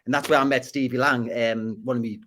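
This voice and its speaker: Geordie man, guest, rapid rambling storyteller, stumbles over words. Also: medium pitch, fairly even intonation, fairly bright tone, a little hiss or hum. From Northeast England. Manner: rapid, repeats and restarts words. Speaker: podcast guest. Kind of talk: casual interview storytelling.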